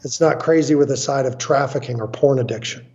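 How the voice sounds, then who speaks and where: A man's voice: medium pitch, brisk, darkish tone. Emphatic man, dull lo-fi audio. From United States. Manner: emphatic, blunt, acts out quotes. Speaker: guest, family counselor. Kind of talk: animated storytelling interview.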